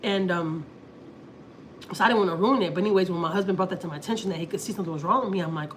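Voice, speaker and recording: A woman's voice: on the low side, very fast. A Houston woman in her thirties chats casually on a livestream, telling a rambling personal story. She acts out her own lines and her husband's as she goes, with a faint background hum. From Houston, Texas. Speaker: family vlogger on a livestream.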